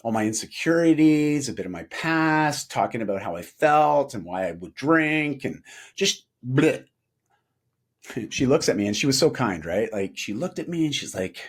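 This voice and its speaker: A middle-aged man telling a personal story as a podcast guest, animated, laughing often and acting out quoted dialogue. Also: medium pitch, moderate pace, breathy edge. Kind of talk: storytelling in a casual interview.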